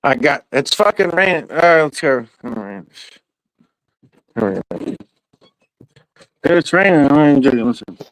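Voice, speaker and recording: Male vlogger, loose and profane, slow delivery, dry close sound. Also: medium pitch, expressive, no room sound, poor audio. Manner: loose, crude, talks to himself and his cat. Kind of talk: casual rambling vlog. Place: outdoors in the rain and at home.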